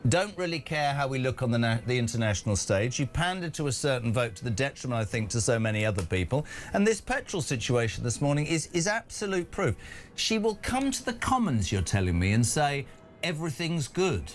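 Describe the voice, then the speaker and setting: A man hosting an opinionated breakfast talk show, speaking emphatically and indignantly with big swings in pitch. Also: sing-song, brisk. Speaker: radio talk show host.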